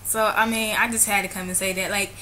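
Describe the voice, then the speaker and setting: A woman talking straight to camera in a casual vlog, gushing and excitable, drifting into preachy church talk. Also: medium pitch, quick pace, slight background noise. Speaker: vlogger.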